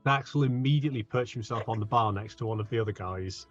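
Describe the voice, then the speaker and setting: A man with a low voice plays a tabletop game, laying out his character's moves in a relaxed, matter-of-fact way. The recording sounds dull and lo-fi, with faint music behind. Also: fast. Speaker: player.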